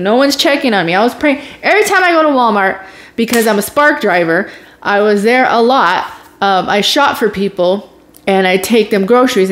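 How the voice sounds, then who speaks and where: A woman vlogger telling her own story in a casual, emotional way, with sighs and groans as she relives it. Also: medium pitch.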